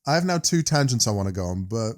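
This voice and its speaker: A man's voice: fairly low pitch, sing-song, quick pace, no room sound. A British man co-hosting a podcast in casual, rambling chat that often trails off mid-sentence. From United Kingdom. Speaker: podcast co-host.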